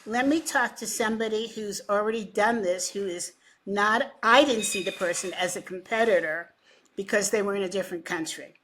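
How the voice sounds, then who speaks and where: A woman's voice: medium pitch, normal speed. A middle-aged woman in an interview, telling a story about founding a coaching association and acting out both sides of old conversations, with a dry, teasing sarcasm. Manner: animated storyteller who acts out both sides of past conversations.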